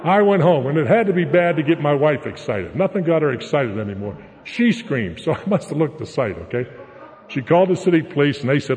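A man's voice: on the high side, expressive, brisk, darkish tone. An older man from the Pittsburgh area giving a blunt, plain-spoken recovery testimony, often tagging his lines with "okay?". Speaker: recovery meeting speaker. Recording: echoey hall, dull lo-fi sound.

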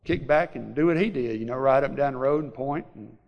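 A middle-aged man with a Southern US accent, telling a personal recovery story to a group in a halting, rambling way, full of fillers. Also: mid-range voice, dull audio, noisy background. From Mississippi Delta, USA. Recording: long hall reverb.

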